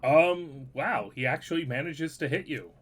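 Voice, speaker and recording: A man's voice: fairly high pitch, moderate pace, a bit bright, slightly rough. A man narrating as game master of a tabletop game, in a wry, teasing way.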